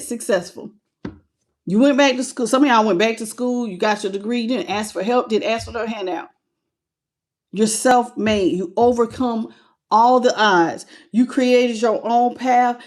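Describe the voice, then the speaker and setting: A woman giving a live tarot reading who greets viewers by name, calls them baby, and laughs often. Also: on the high side. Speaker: tarot reader.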